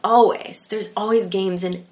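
A woman talking casually as an interview guest about improv, animated and rambling with lots of fillers. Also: mid-range voice, unhurried.

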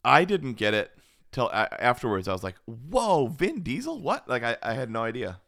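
A man's voice: mid-range voice, fairly quick, gravelly, sharp tone, no room sound, studio quality. A man co-hosting a podcast in easygoing casual chat, laughing easily. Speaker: podcast co-host.

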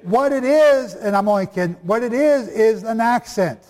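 A man's voice: very high-pitched, expressive, moderate pace, darkish tone. A man preaching and teaching the Bible to a live audience, chatty and jokey, often quizzing the listeners. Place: hall before a live audience. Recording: long reverb of a large hall.

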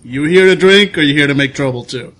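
A man voicing a weary, gruff male bartender who talks in a low, laid-back drawl. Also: a little fast, fairly bright tone, natural voice.

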